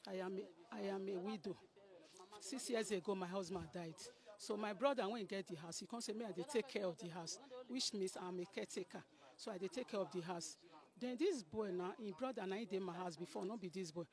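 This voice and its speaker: A woman's voice: mid-range voice, darkish tone. A middle-aged woman with a Nigerian Pidgin English accent, giving an emotional account to a reporter, often calling her listener "my sister". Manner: pleading, repeats phrases, addresses listener as sister. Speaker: interviewee, landlady caretaker.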